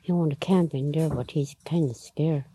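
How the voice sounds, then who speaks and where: A woman slowly tells a traditional tale, her voice low and husky. She pauses often, searches for words and uses nonstandard grammar. The tone is dark and mellow. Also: steady tone, poor audio. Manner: halting, unhurried telling with many pauses and fillers, nonstandard grammar. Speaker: storyteller. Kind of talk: traditional oral storytelling.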